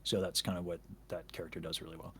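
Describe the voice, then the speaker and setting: A man's voice: deep voice, flat delivery, fast talker, fairly bright tone, slightly rough. Rambling chatty man. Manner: rambling, self-interrupting, jokey. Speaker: guest. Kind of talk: casual chat.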